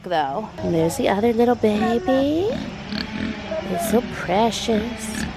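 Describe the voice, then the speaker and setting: A woman's voice: a little high, lively intonation, slow pace, creaky, background noise. A woman giving a small child a casual tour of the farm animals, talking in a sing-song way.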